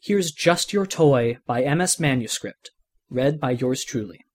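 A man hosting a podcast and reading a fan fiction story aloud in a steady, conversational way. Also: medium pitch, a little slow, noisy background. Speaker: podcast narrator.

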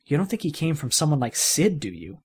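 A man's voice: a little high, big pitch swings, brisk, darkish tone, breathy edge, full character voice. A man doing a folksy toy cowboy. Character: friendly male toy cowboy leader.

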